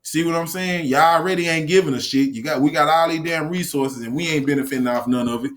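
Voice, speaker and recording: A man's voice: on the high side, a bit bright. A man speaking in a casual, profane rant, cursing often, repeating himself and reading news items aloud. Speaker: commentator.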